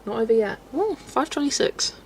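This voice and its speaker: A woman's voice: high-pitched, very animated, moderate pace, slight background noise. A woman chatting casually at home while colouring on a livestream, answering chat and often breaking into giggles. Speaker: livestream host.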